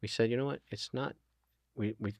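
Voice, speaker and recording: A man's voice: mid-range voice, fairly even intonation, a little fast, creaky, a little mellow, no echo, clean studio sound. A middle-aged man talking earnestly as an interview guest, retelling conversations with plenty of ums and you-knows. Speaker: guest, food nonprofit founder.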